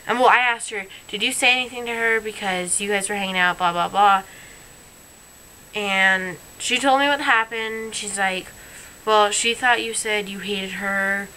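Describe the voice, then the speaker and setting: A woman's voice: medium pitch, sharp tone, a little hiss or hum, low-quality recording. A young woman telling a story about a falling-out with her best friend in a personal vlog, earnest and rambling, sounding hurt. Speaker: vlogger.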